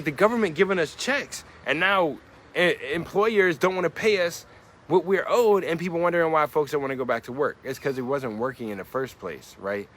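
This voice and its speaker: A man's voice: fairly high pitch, a bit bright, slight background noise. A man in his forties, a rapper explaining his lyrics in a reflective monologue, musing and asking many rhetorical questions. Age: 40s.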